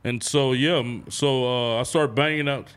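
A man in a casual interview, telling stories with animated, acted-out reactions and free swearing. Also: mid-range voice, moderate pace, smooth. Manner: animated storytelling, acts out his own reactions in a raised voice, swears freely. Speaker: content creator guest.

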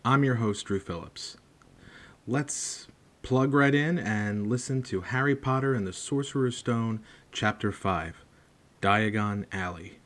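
A man hosting a show and reading a book aloud in a measured, steady narration. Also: fairly low pitch. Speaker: host and reader. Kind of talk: audiobook narration.

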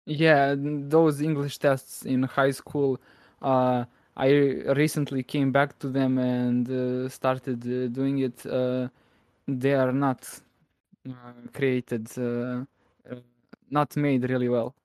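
A man's voice: medium pitch, flat delivery, a little mellow, clear, resonant tone, no room sound. A young man chatting as a podcast guest, hesitant and full of "uh" fillers. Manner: hesitant, many "uh" fillers, slow deliberate speech. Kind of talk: casual interview chat.

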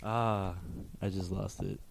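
A man's voice: deep voice, fairly even intonation, takes it slowly, gravelly, slight background noise. A young man co-hosting a casual podcast, throwing in short teasing remarks and swearing. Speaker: podcast co-host. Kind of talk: casual chat.

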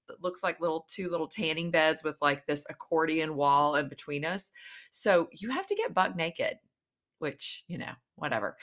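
A woman's voice: sits low, sharp tone. A middle-aged woman, chatting casually and candidly to camera, rambling and poking fun at herself. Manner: rambling, candid, self-mocking storyteller. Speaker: vlogger. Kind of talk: casual chat.

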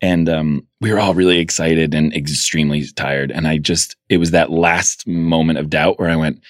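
A man interviewed as a filmmaker, telling anecdotes with animated energy and acting out the voices of the people in them. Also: very deep voice, normal speed, dry recording, studio quality. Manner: animated storyteller, acts out quoted voices. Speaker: guest filmmaker. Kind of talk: casual interview storytelling.

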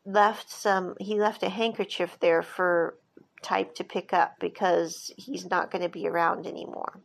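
Chatty woman with vocal fry. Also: medium pitch. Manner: chatty, retells scenes with quoted dialogue. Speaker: drama reviewer. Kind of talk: casual episode recap.

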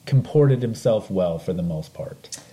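A man's voice: low-pitched, animated, measured pace, warm tone. A man co-hosting a podcast, trading dry, wry banter while recapping a reality show. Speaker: podcast co-host.

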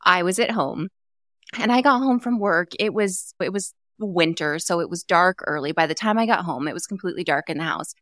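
A woman with a lowish voice hosts a podcast, talking fairly quickly in a clean studio recording with no echo. She keeps things casual, like an interview chat, and tells her stories with a lot of animated energy.

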